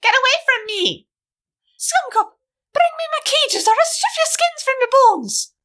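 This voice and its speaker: A shrill raging villain mare. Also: female voice, sing-song, measured pace, a bit bright, heavily acted. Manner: hollering threats.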